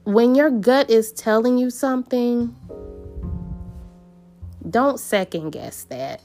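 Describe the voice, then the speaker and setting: A woman's voice: fairly high pitch, lively intonation, slow, a little mellow, soft background music. A woman telling a personal story in an earnest, meandering way, with many fillers and restarts.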